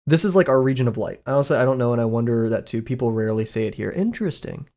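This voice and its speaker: A man's voice: medium pitch, lively intonation, very fast, a little mellow. A young man with a Southern US accent, thinking aloud in a casual live stream as he draws, rambling and self-deprecating and often chuckling. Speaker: art streamer.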